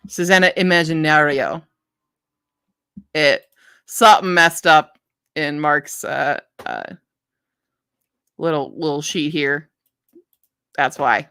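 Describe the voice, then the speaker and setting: A woman's voice: sits low, slow pace, pauses often, clean tone, no echo, studio quality. A tired woman chatting casually on a live stream about books she might read. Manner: chatty, animated, talks to her puppy in a soft baby voice. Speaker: book reviewer streaming live.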